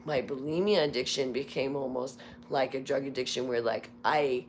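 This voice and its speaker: Hoarse low-voiced woman, candid chat. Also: moderate pace, a little hiss or hum. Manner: candid, confessional, rambling. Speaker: livestream host. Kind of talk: casual live chat. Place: Las Vegas home.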